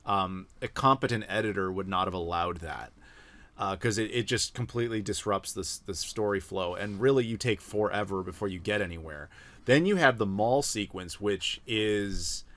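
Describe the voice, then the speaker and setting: Blunt, ranting man with a low voice. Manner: blunt, critical, animated ranting. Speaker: podcast co-host. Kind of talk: casual podcast discussion.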